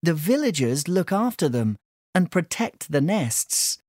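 A woman voicing an eager young island girl, raised in pitch, lively and animated, in a slow storybook reading. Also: dry recording, clean studio sound, exaggerated voice. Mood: explaining.

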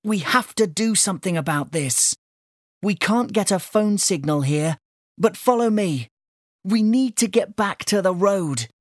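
A woman's voice: medium pitch, lively intonation, a little slow, no echo, clean studio sound, pitched above the performer's own voice. A woman doing an eager young island girl. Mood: urgent.

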